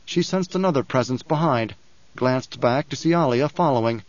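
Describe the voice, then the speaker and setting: Male audiobook narrator, measured delivery, medium pitch, dry, slightly muffled recording. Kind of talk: scripted narration.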